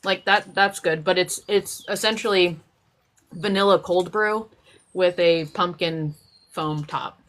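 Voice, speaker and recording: A woman's voice: on the low side, a little slow, fairly bright tone. A woman hosting a casual live stream chat, rambling with many fillers and restarts.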